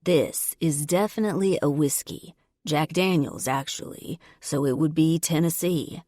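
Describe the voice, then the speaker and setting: A blunt young biker man, as a woman narrator plays him, slow and thick-voiced. The voice sits very low, and the recording is dry and close. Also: mellow, no echo.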